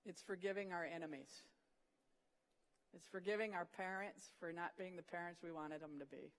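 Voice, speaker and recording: An earnest preacher delivers a sermon at a mid-range pitch, retelling scripture stories with vivid storytelling and sudden hushed moments for emphasis. The voice rings with the long reverb of a large hall. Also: moderate pace.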